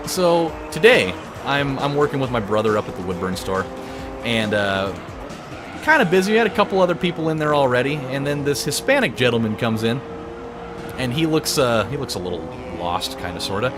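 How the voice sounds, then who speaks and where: A man's voice: medium pitch, big pitch swings, brisk. A man hosting a game playthrough, telling a rambling, crude, joking story in a casual chat. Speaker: let's play host. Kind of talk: casual storytelling over gameplay. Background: video game music.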